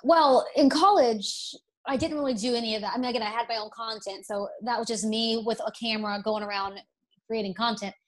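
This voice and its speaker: A young woman from Alabama with a faint Southern accent, chatting candidly as an interview guest, self-deprecating and quick to restart her sentences. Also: a little high, fairly even intonation. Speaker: interview guest, broadcast presenter. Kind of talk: casual interview.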